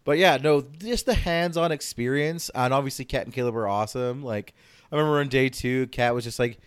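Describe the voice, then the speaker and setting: A man's voice: medium pitch, a little fast, clear, resonant tone, no room sound. Guy rambling on a podcast, cussing a bit, dead dry sound, no room at all. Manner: rambling, swears freely. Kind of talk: casual chat.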